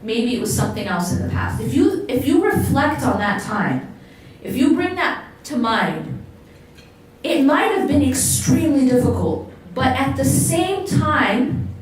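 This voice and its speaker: A woman's voice: sits high, very animated, a little slow, a little hiss or hum. A woman giving a religious talk to a live audience as an Islamic lecturer, engaging the crowd with questions. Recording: echoey hall, voice picked up from a distance.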